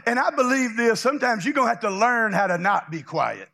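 A man from Louisiana, preaching a loud, exuberant charismatic sermon full of folksy stories and shouted praise. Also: very high voice, sing-song, fairly quick, creaky, hardly any pauses.

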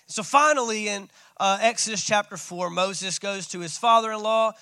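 A man's voice: high-pitched, moderate pace, sharp tone, smooth, no echo. A man preaching a sermon as pastor, calling out to his congregation. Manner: preaching with call-outs.

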